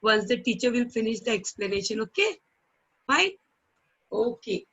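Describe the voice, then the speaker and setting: A middle-aged woman with an Indian English accent teaching children in an online class. She talks slowly and patiently, repeating words for the children to copy and often checking in with a coaxing "okay?". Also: fairly high pitch, big pitch swings, fairly bright tone, dull audio. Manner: ends phrases with coaxing "okay?". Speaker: primary school English teacher. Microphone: online call microphone.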